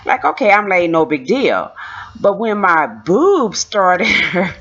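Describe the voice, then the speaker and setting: A woman in her thirties tells a personal story casually and with animation, often laughing and repeating phrases for effect. Her mid-range voice takes its time, and the recording is dull and lo-fi.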